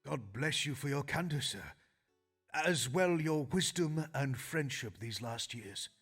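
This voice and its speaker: A man's voice: medium pitch, animated, a little slow, fairly bright tone, husky, soft background music, heavily acted. An actor voicing an aging, devout male stage actor who speaks in solemn Elizabethan phrasing, in a video game. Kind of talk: game voice acting.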